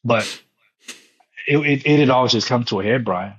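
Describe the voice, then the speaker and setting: Man, thirties, earnest storyteller, mid-pitched voice, slightly muffled recording. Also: moderate pace, fairly bright tone, husky. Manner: earnest, emotional storytelling with repetitions. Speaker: guest, foundation founder and former pastor. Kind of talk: personal story in interview.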